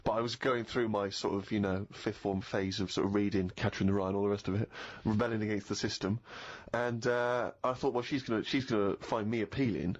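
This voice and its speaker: A man's voice: lowish voice, fairly even intonation, brisk, few pauses. A man co-hosting a radio comedy show, telling self-mocking stories in an articulate, wry, conversational way. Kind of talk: conversational storytelling. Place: radio studio. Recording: dull lo-fi radio recording.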